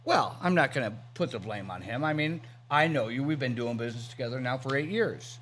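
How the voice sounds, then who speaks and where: A man's voice: medium pitch, expressive, brisk, fairly bright tone, a little hiss or hum. Crude teasing male co-host. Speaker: podcast co-host. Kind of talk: casual chat.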